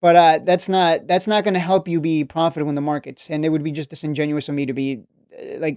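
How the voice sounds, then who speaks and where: This channel host and trading coach talks fast and flatly in a fairly high, darkish voice that's clear and resonant, recorded dry, dull, and slightly lo-fi with no room sound. His casual rant to stock traders turns preachy and mocking as he repeats points and restarts sentences.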